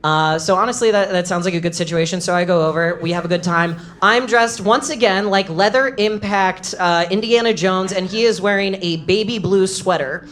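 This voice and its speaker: A comedic storyteller telling a live story to an audience, animated and bursting into loud shouts at punchlines. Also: female voice, mid-range voice, normal speed, few pauses, slight background noise. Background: audience laughter.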